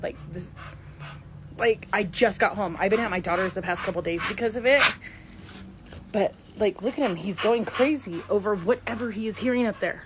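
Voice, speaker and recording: A frightened middle-aged woman filming her own house on a phone, whispering and exclaiming indoors. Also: mid-range voice. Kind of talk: handheld phone video. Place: indoors at home. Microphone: phone camera. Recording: noisy home phone recording.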